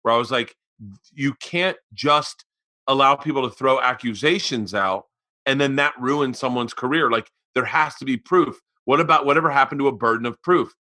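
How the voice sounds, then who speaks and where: Casting: brash middle-aged male podcast host, bright and forceful, swears freely and plays out every character in his stories. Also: medium pitch, moderate pace. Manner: loud, profane storyteller acting out voices. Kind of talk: casual chat.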